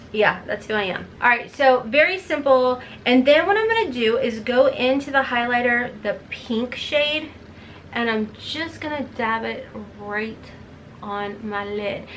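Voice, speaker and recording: Woman beauty vlogger, chatty and rambling, a touch high-pitched, faint room hiss. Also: a bit bright. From Kentucky. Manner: chatty, rambling, self-deprecating. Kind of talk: casual makeup tutorial chat.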